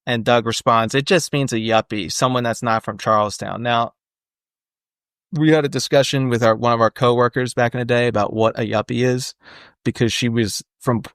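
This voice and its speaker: Male podcast co-host, mid-pitched, loose rambling delivery, dry studio sound. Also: fairly even intonation, normal speed, smooth, no room sound. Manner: rambling, lots of fillers and jokey asides. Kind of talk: casual movie-discussion chat.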